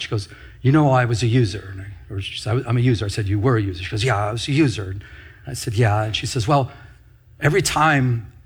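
Husky-voiced man preaching a sermon. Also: medium pitch. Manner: storytelling, acting out dialogue, rising to emphatic exhortation. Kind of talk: sermon with personal testimony.

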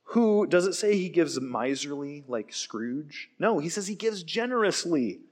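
A man preaching a sermon, telling stories in an animated way and acting out quoted lines. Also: on the high side, moderate pace, hardly any pauses. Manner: animated storytelling with acted quotes. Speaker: pastor.

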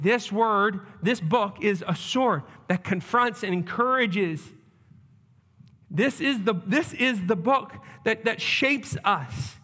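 High-pitched pastor guy preaching, earnest, keeps repeating himself, big echoey hall. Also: bright, forceful tone. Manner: earnest, repeats questions, frequent restarts. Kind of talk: sermon.

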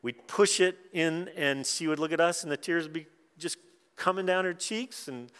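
A middle-aged man, preaching a sermon and telling personal stories, dropping quiet and then rising loud and excited. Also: fairly high pitch, normal speed, smooth. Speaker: pastor. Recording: long hall reverb.

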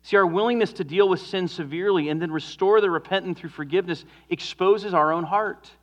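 A man preaching a sermon as a pastor, earnest, moving from emphatic stresses to hushed, drawn-out endings. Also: sits high, lo-fi sound.

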